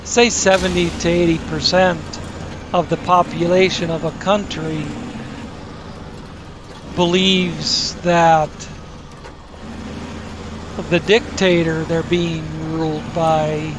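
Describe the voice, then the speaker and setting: Man, gaming host, unhurried rambling commentary, slightly high voice, engine noise under him. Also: level tone. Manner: rambling, self-correcting, crude asides.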